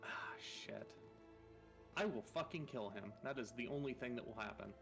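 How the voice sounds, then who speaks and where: A man's voice: mid-range voice, expressive, moderate pace, gravelly, music in the background. Casual man running a tabletop game. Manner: casual, swears and laughs between rules calls. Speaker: game master.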